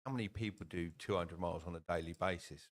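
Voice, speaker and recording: Easygoing low-voiced interviewer. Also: male voice, steady tone, fast. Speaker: podcast co-host, interviewer. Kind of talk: podcast interview.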